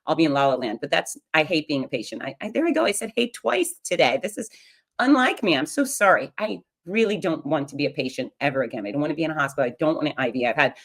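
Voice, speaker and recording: Low-voiced, frank woman telling a story. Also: fast talker. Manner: frank, humorous, confiding and animated. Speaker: podcast host. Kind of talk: candid personal storytelling.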